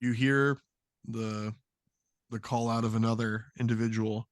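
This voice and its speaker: Male game master, casual halting narration, dry close podcast mic. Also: mid-range voice, flat delivery, no room sound.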